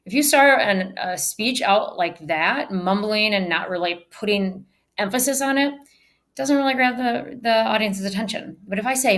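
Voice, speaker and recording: Medium in pitch, a bit bright, and at a normal speed, a female speech teacher lectures virtually on public speaking in a recording. She stresses points emphatically and alters her delivery to illustrate proper technique.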